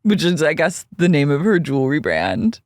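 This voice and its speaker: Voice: big pitch swings, dry recording, studio quality. A podcast co-host chatting casually and gossiping while recapping a reality TV episode. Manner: gossipy, quick to mimic others in a higher voice.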